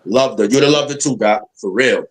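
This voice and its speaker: A man's voice: medium pitch, a little fast. A man co-hosting a live stream panel, telling stories in casual, slangy, profane chat and acting out the voices he quotes.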